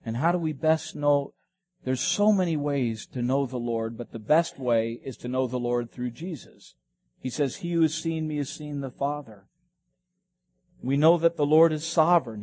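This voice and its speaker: A man's voice: a little high, dark tone, dry recording. Dry, close-miked male preacher. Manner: expository preaching, rising emphatic on key lines. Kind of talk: sermon.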